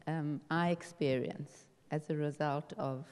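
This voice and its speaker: A woman's voice: low-pitched, steady tone, unhurried, darkish tone, clean tone. A woman taking part in a seminar discussion, thoughtful and hesitant, often restarting her phrases. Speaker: seminar participant. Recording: reverberant hall.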